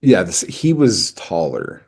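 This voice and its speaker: A man co-hosting a podcast in casual chat, telling stories in a profane, animated way. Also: low voice, slow pace, husky. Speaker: podcast co-host.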